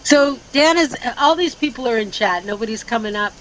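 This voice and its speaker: A woman's voice: fairly high pitch, animated, a little fast, a little hiss or hum, low-quality recording. A woman guest in a casual live chat, talking bluntly with plenty of fillers and free swearing. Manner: blunt and loose, swears freely, lots of fillers. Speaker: guest speaker.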